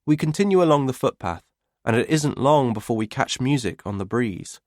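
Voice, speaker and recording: A man's voice: mid-range voice, expressive, normal speed, dry recording. Dry, wry male audiobook narrator. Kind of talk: first-person audiobook narration.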